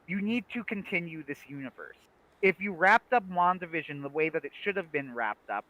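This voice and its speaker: A young man casually chatting on a livestream about a TV series, animated, laughing often and restarting his sentences. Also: on the high side, low-quality recording. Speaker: livestream co-host.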